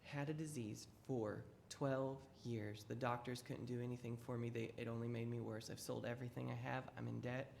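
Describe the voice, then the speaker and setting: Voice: medium pitch, unhurried, hardly any pauses, a little hiss or hum, natural voice. A teacher voicing a desperate sick woman. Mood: quiet, confessing. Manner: pleading, insistent. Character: desperate sick woman pushing through a crowd.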